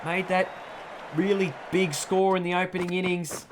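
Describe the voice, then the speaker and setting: A man's voice: high-pitched, level tone, moderate pace, some chatter behind, slight background noise. A man giving chatty, jokey play-by-play commentary over a cricket video game, stumbling over names now and then.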